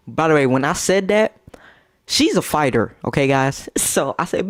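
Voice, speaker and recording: Animated young man telling a story. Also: moderate pace. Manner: animated, profane, jumps to squeaky high outbursts. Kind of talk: casual storytelling.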